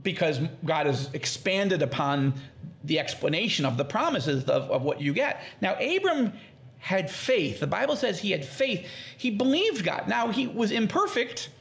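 Guy w a high gravelly voice, really animated, teaching bible stuff on a podcast and doing little voices for quotes. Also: normal speed. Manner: animated, acts out quoted speech in lively tones. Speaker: podcast guest.

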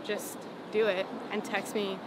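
This guest, a singer-songwriter in her twenties from Los Angeles, speaks in a medium-pitched, flat, unhurried voice during a casual sidewalk interview, with street sounds behind her. She's chatty as she tells a story, dropping many "like" fillers and laughing frequently.

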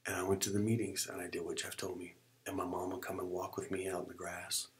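A middle-aged man with a low voice recounts his own life as a testimony. He tells it dramatically, acts out what people said, and often sinks to a hushed whisper. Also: level tone, fast, a little hiss or hum. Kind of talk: personal testimony.

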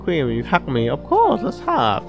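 His voice is on the high side, with huge pitch swings, vocal fry, and a measured pace, heard over music. The gaming channel host runs a casual let's-play, chatting, swearing, laughing often, and reading the game's text aloud.

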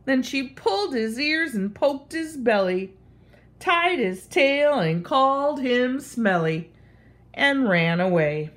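A woman reading a picture book aloud to children. Her voice is sing-song and expressive, with a very lively pitch that rises and falls, and she takes her time over every line. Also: slow pace.

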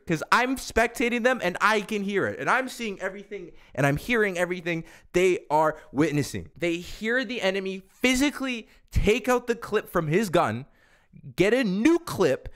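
A man's voice: high-pitched, a bit bright, clear, resonant tone. A man ranting about a video game as a gaming YouTuber, exasperated and profane. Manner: exasperated, profane, acts out teammates in quick asides. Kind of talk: ranting gameplay commentary.

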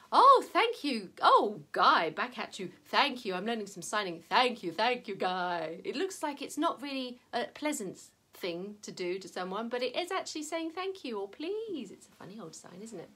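A woman leading a live-streamed children's singalong, chatting warmly and cheering the kids on. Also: fairly high pitch. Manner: bubbly, encouraging, talks straight to young children. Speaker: children's music session leader. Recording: loud strummed guitar over the voice.

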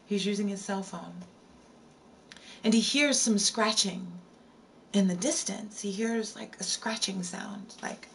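A woman's voice: mid-range voice, unhurried, vocal fry, slight background noise. A woman live streamer telling a spooky story in a casual way, repeating lines and breaking off to answer her chat. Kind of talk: storytelling on a livestream.

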